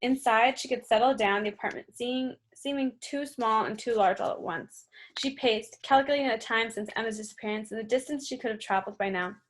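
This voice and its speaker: A woman narrating an audiobook in a steady, brisk reading style. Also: a little high. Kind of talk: scripted narration.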